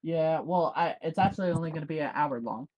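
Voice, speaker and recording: A man's voice: fairly high pitch, quick pace, a little mellow, dull audio. Easygoing laughing young man podcaster. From Southern United States. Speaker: podcast co-host. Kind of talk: casual chat.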